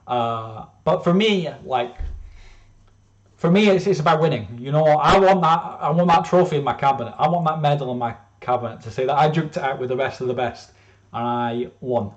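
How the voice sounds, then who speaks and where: A man's voice: medium pitch, normal speed, dull audio. A man presenting his own game casually, rambling with lots of fillers and restarts.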